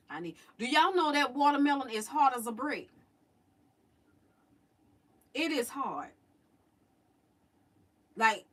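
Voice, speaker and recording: A middle-aged woman, chatting and telling stories to her live chat, animated and drawling. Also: on the high side, slightly rough. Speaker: livestream host. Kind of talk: casual storytelling to a live chat. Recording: voice a little distant from the mic.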